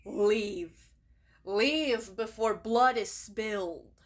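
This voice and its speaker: A woman's voice: mid-range voice, drawn-out words, fairly bright tone. A woman voicing a stern, fierce female warrior cat deputy from a storybook, with a firm, commanding delivery.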